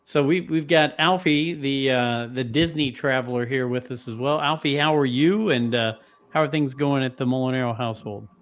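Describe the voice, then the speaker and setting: Guy hosting a chill podcast, upbeat, normal pitch, just chatting. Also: moderate pace. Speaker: podcast host. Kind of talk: casual chat.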